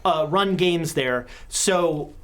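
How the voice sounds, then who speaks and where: A woman's voice: sits low, slow, slight background noise. A woman running a tabletop horror game as game master, chatty and full of joking asides.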